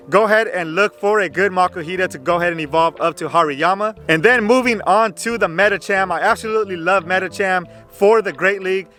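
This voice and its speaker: Chatty male channel host, fairly high voice, faint background music. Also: pushed and bright. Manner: chatty, repeats "go ahead", frequent "uh" fillers. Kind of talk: casual game guide commentary.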